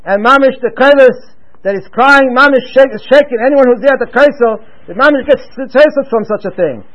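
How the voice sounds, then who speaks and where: A man's voice: extremely high pitch, brisk, muffled recording. A man telling a religious story in a rambling way, with many restarts. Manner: rambling, with many restarts and Hebrew-Yiddish terms. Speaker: storyteller giving a religious talk. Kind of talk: loosely told religious story.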